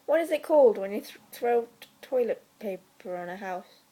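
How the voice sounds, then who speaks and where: In a casual chat, this South Wales vlogger, a young woman with a Welsh accent, works through a question list, delivering dry, deadpan jokes and soft whispered asides. She speaks a little high at normal speed, on a rough recording.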